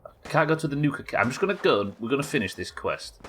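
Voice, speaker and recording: A man's voice: mid-range voice, sing-song, quick pace, slight background noise. A young man streaming a game live, chatting casually and rambling, swearing and reacting aloud as he plays. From United Kingdom. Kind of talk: live gameplay commentary.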